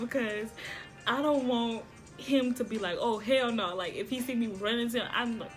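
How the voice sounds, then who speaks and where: A woman vlogging casually, telling a story to viewers in an excitable way, repeating phrases and laughing often. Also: on the high side, a little fast, soft background music.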